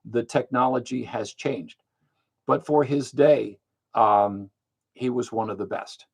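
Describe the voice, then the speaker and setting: A man's voice: medium pitch, takes it slowly, gravelly, husky. An older man hosting a monthly live question-and-answer stream, talking bluntly and matter-of-factly, with frequent fillers. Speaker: livestream host. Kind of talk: casual live Q&A talk.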